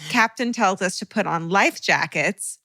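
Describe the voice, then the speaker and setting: A woman's voice: medium pitch, unhurried, bright, forceful tone, dry recording. A woman co-hosting a podcast, reacting expressively and swearing freely, then reading a listener's story. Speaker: podcast co-host. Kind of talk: casual chat and story reading.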